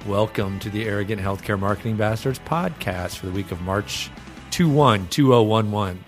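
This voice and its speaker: A man's voice: lowish voice, normal speed, faint music behind. A man hosting a podcast in casual chat, joking and rambling, laughing often. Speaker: podcast host, agency president.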